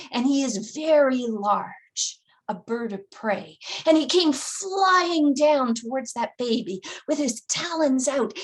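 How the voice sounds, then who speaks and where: A woman from Newfoundland telling a fairy tale to children, expressive and dramatic, with gasps and hushed asides. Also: a little high. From Newfoundland, Canada. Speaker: storyteller. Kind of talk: oral storytelling for children.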